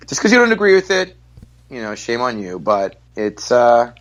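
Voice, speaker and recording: A man guest comedian talks fast and loud on a podcast, pushing forward with blunt, profane stories. His voice sits at a middle pitch and comes across direct and forceful. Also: sing-song. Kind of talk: casual podcast storytelling.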